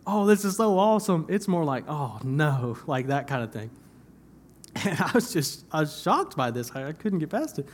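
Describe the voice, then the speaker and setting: A man's voice: fairly high pitch, a little hiss or hum. A young man preaching a sermon in church, talking conversationally, repeating phrases for emphasis and laughing at himself now and then. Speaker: pastor.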